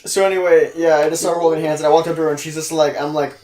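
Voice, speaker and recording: A man's voice: a little high, fairly even intonation, fast, noisy background. A young man hosting a casual podcast, rambling through a story with lots of likes and ums. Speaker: podcast host. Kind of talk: casual chat. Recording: echoey room.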